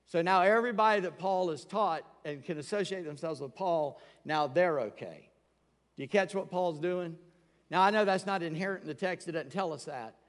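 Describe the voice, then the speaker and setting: A man's voice: high-pitched, moderate pace. A man preaching a sermon in a conversational way, acting out the quoted voices as he tells the story. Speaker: pastor. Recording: long reverb of a large hall.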